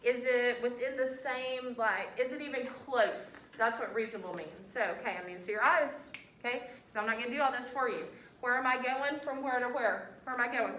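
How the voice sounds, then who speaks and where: A woman teacher, coaxing her class along with a steady stream of questions. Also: fairly high pitch, brisk. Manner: animated, coaxing, quizzing students with questions. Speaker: elementary school teacher. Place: classroom, indoors. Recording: echoey classroom from far off.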